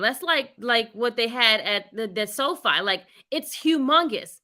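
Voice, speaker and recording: A woman co-hosting a podcast in casual chat, filling her talk with "like" and quick agreeing words. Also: a little high, animated, sharp tone. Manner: lots of "like", agreeing fillers. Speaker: podcast co-host.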